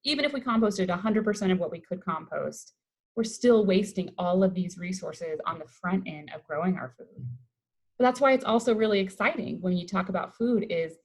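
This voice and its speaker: A woman's voice: fairly low pitch, fairly quick, poor audio. A woman from Colorado, a waste-reduction educator, giving an upbeat, conversational webinar presentation over a video call. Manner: upbeat, conversational, enthusiastic about the topic.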